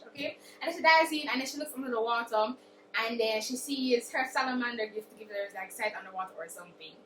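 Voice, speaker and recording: A woman's voice: on the high side, a bit bright, a little hiss or hum. A young woman, chatting through a dramatic, casual book recap. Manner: chatty, dramatic retelling with acted quotes. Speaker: book vlogger. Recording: roomy echo, distant mic.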